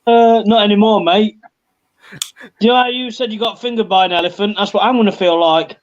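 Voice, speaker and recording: A man's voice: high voice, fairly even intonation, brisk. A man guest on a live stream call, joking crudely with the hosts. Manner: crude banter. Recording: dull muffled call audio with faint hiss.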